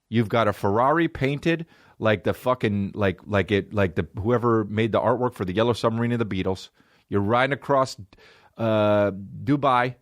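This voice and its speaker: A male comedian riffs through a loose, swearing monologue, his pitch bouncing up and down with lively swings. He is close on a podcast mic with a dry, dead sound and no room around him. Fillers and restarts pile up as he talks. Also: no echo. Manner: profane, rambling, many fillers, jumps into mock voices.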